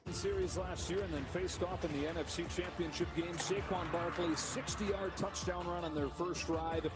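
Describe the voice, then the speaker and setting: A man calling a football game play by play, setting up each moment briskly. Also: high-pitched, steady tone, loud music behind the voice. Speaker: play-by-play announcer. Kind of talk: broadcast play-by-play. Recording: broadcast audio with background noise.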